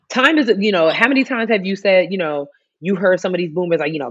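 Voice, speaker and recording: A woman in casual chat, talking in an animated, rambling way with many fillers. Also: medium pitch, a little fast, lo-fi sound, background noise.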